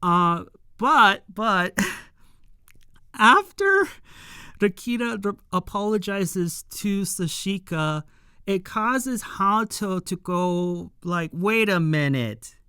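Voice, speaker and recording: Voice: mid-range voice, expressive, drawn-out words, sharp tone, clean tone, no echo, studio quality. A reviewer recapping a show episode in a loose, rambling way, full of fillers and casual paraphrase.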